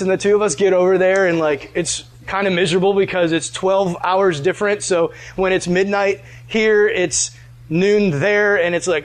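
A man preaching a casual storytelling sermon, chatty and animated, full of "like" fillers. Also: high-pitched, moderate pace. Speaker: pastor.

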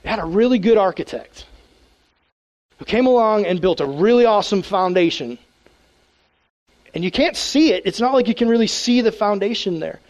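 A man, a youth pastor, preaching a casual, animated sermon to teens and acting out prayers in a hushed voice. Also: high voice.

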